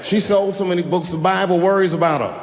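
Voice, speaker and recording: A man doing a stand-up storytelling set, animated and lively, acting out the other characters in his stories. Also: high voice, fast talker. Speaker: stand-up comedian. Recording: reverberant hall, faint hiss.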